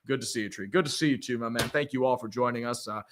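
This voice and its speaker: A man's voice: medium pitch, slight background noise. A man hosting a casual live reaction stream, reading viewer donations and giving blunt, profane opinions. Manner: blunt and profane, quick opinions, frequent laughs.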